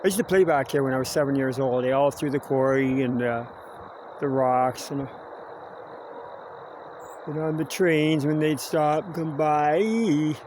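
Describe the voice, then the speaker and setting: A chatty Canadian man with a slightly high voice rambles to his camera as he walks outside, adding "eh" to his sentences. A faint hiss of outdoor noise sits behind him. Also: measured pace, long pauses. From Kingston, Ontario, Canada. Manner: chatty, wandering, tags "eh" onto sentences. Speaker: vlogger. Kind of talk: rambling live vlog. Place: outdoors, walking near a quarry and cemetery.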